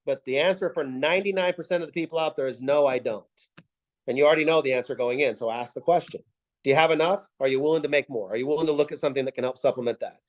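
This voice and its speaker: Racing through a sales pep talk, a team leader with a slightly high voice addresses his team on a video call in a rough recording. He leans on punchy, emphatic rhetorical questions and says things again for effect.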